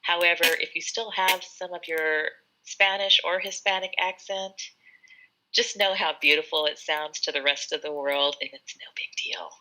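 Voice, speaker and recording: A woman's voice: fairly low pitch, steady tone, moderate pace, pushed and bright, poor audio. An American woman, an English tutor, talking in an encouraging, emphatic way in a casual live conversation, often restarting her sentences. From United States.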